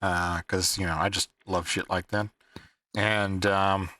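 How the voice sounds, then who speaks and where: A man's voice: low-pitched, level tone, measured pace, bright, forceful tone. A man hosting a livestream in casual chat, teasing and laughing often. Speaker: livestream host.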